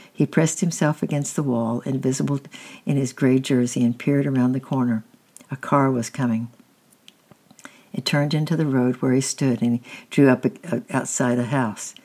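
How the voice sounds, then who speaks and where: A reader gently reading a children's chapter book aloud, with small slips and restarts. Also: medium pitch. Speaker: storybook reader.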